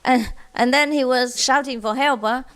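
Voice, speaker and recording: A woman's voice: high-pitched, steady tone, normal speed, fairly bright tone, clear, resonant tone. A woman spiritual teacher telling humorous stories to a group, playful and often laughing. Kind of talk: humorous storytelling lecture.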